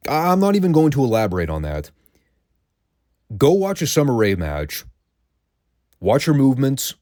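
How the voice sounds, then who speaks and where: A man's voice: mid-range voice, wildly swooping pitch, normal speed, a little mellow, no echo, studio quality. A man hosting a review podcast, ranting in a sarcastic, profane way. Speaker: podcast host reviewing wrestling.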